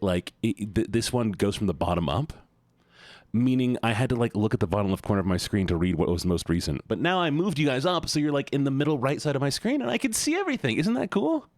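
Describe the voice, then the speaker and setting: A man's voice: lowish voice, darkish tone, no room sound, studio quality. A man streaming live and chatting casually with his viewers, rambling and joking at his own expense. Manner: rambling, self-mocking, chatty.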